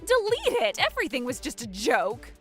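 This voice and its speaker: A woman voicing a shameless, scheming young woman who whines and pleads in a high voice. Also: very animated, normal speed, a bit bright, soft background music. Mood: panicked. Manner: pleading, high-pitched whining. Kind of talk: animated story voice acting.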